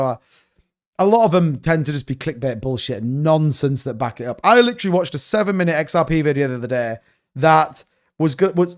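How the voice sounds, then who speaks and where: A man hosting a crypto livestream, rambling and blunt, cursing freely in casual chat. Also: a little high.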